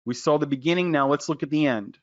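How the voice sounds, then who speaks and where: A man teaching a trading lesson in an excitable, loud, jokey way, quizzing his listeners by name. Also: fairly high pitch, fast talker, dull audio. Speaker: trading educator. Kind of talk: animated screen-share trading lesson.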